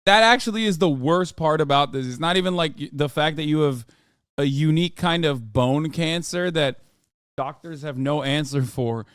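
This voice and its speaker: Male streamer host; sarcastic, swearing, crisp higher voice, dry close sound. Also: normal speed, no room sound. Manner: animated, profane, sarcastic. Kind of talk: casual live-stream reaction.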